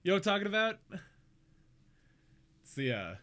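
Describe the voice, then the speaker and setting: Brief: male stream host, loose and giggly, very lively pitch. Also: normal speed. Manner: animated, laughing, rambling. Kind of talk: casual live-stream chat.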